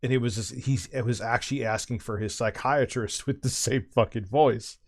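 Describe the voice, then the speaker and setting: A man's voice: medium pitch, normal speed. A middle-aged man chatting casually as a streamer, telling a long rambling anecdote with swearing and restarts. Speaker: streamer and host. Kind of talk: casual chat, storytelling.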